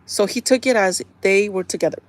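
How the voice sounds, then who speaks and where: A woman's voice: mid-range voice, brisk. Chatty woman streamer recapping a show. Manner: chatty and animated, full of "like" and "kinda"; laughs often while retelling. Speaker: live streamer. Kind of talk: casual chat recapping a TV episode.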